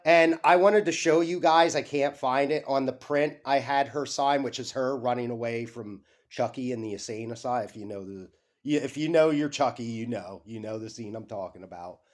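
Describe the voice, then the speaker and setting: A young man hosting a casual vlog, rambling and excitable, swearing freely and jumping off on tangents. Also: medium pitch, normal speed. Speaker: YouTube channel host.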